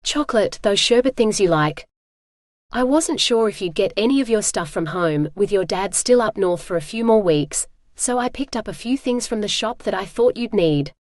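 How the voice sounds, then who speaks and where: A woman's voice: mid-range voice, lively intonation, no room sound, clean studio sound, natural voice. A synthetic woman's voice as a chatty, eager young woman friend. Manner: bright, chatty, quick.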